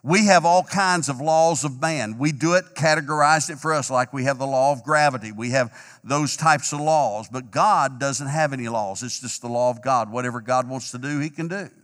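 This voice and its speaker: A man preaching an emphatic, repetitive sermon as pastor, a little hoarse. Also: medium pitch, moderate pace, a bit bright, big-room sound. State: slightly hoarse, clearing throat.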